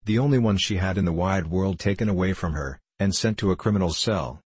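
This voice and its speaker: Deep husky male narrator. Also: fairly quick, darkish tone. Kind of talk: audiobook narration.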